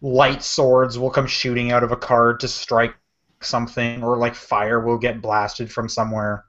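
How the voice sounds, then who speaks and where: A man with a mid-range, slightly bright voice keeps a level tone and measured pace while co-hosting a podcast. The casual talk rambles, full of fillers and self-corrections, and the recording has a dull lo-fi quality.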